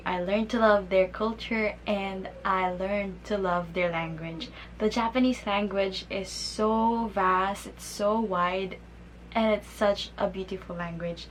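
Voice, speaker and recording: A woman's voice: mid-range voice, fairly bright tone, slight background noise. A woman with a Filipino accent hosting a casual vlog lesson, bubbly and playful, giggling often and drawing out words as she pronounces them carefully. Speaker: vlogger teaching basic phrases. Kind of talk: casual vlog lesson, mixing Tagalog and English. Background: background music.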